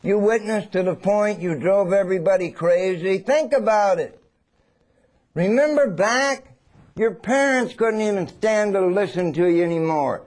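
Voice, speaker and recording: A man preaches a sermon in a fairly high voice. He swings between loud and hushed, acting out little scenes as he goes. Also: measured pace.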